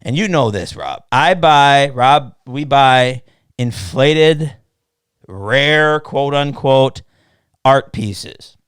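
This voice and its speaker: A man hosting a casual podcast chat, telling stories loudly, cursing often, and mimicking people he quotes. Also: mid-range voice, very slow, clean tone, no room sound, clean studio sound. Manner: profane, animated storytelling with mocking quoted voices. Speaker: podcast host.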